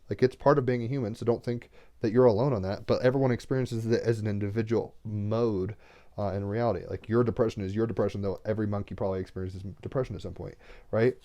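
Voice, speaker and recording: A young man with a low, mellow voice talks on a home livestream about cards and the cosmos. He rambles earnestly, full of "like" and "right?", his voice sometimes catching as he gets teary. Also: fast. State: tearful, getting emotional. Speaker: tarot card reader. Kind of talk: casual spiritual livestream talk.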